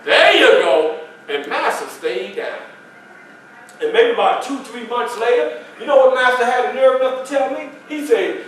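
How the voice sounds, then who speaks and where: Speaking very high and a bit bright at a moderate pace, a historical reenactor gives a first-person performance for a library crowd. He's folksy, throws questions at the audience and plays the story's other characters. A far camera records the echoey meeting room.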